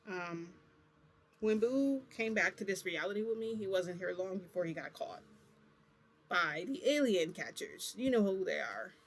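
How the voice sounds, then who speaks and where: A man's voice: high voice, expressive, measured pace, fairly bright tone. A man vlogging, telling a long rambling story in casual talk, acting out the back-and-forth with "I'm like" and "he goes". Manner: rambling, quotes dialogue with "I'm like".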